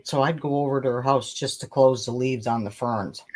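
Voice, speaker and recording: A woman co-host in casual chat, telling a childhood memory in a relaxed way. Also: very deep voice, moderate pace, a little hiss or hum, poor audio.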